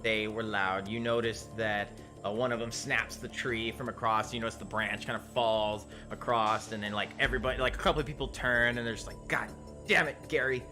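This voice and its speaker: A man narrating a tabletop game as game master, casual and halting, with many fillers and restarts. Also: on the low side, flat delivery, music in the background.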